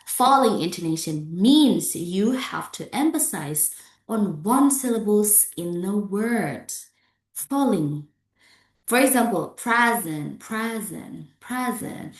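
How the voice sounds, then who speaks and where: A woman's voice: medium pitch, a little mellow. A woman giving a pronunciation lesson as an English lecturer. She repeats example phrases and checks in with "yeah?". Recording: echoey room.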